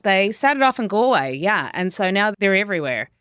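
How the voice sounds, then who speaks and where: Woman with a New Zealand accent, middle-aged, chatty chef guest, smooth low voice, dry close mic. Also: moderate pace, dry recording. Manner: chatty, quotes herself in lively asides. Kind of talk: casual interview chat.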